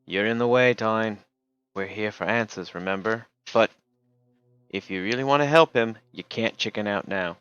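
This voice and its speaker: A man's voice: fairly low pitch, moderate pace, fairly bright tone, clean tone, muffled recording, close to an everyday voice. A man reading aloud and voicing a brash, impatient young woman thief who talks in a pushy, urgent way. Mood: stern.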